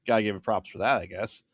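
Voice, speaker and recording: A man's voice: fairly low pitch, dry recording, studio quality. A man co-hosting a podcast, chatting casually about movies, laughing often and chiming in with short agreeing replies. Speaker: podcast co-host. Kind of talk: casual film review chat.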